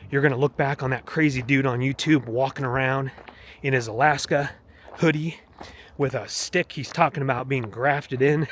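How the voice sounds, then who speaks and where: A man's voice: medium pitch, fairly even intonation, moderate pace, fairly bright tone, a little hiss or hum. A man vlogging while walking on a mountain trail, talking in an earnest, rambling, preachy way. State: walking, heart rate up. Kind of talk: casual walking vlog testimony.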